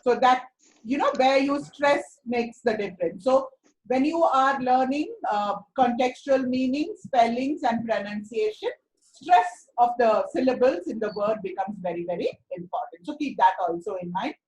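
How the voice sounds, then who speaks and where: A woman's voice: fairly high pitch, expressive, moderate pace, a little mellow, low-quality recording. A woman teacher, giving encouraging, explanatory feedback to a student in an online seminar. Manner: encouraging, explanatory, repeats words for emphasis. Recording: faint background noise.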